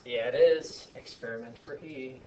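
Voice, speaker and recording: A man teaching a science class, talking in a chatty, joking way with animated asides to his students. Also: mid-range voice, normal speed, slight background noise. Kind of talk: classroom lesson. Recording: echoey classroom from far off.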